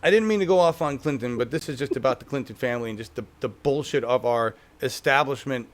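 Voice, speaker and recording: A man's voice: mid-range voice, fast talker, slight background noise. A man co-hosting a casual political talk show, profane and mocking, often acting out the people he talks about. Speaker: co-host.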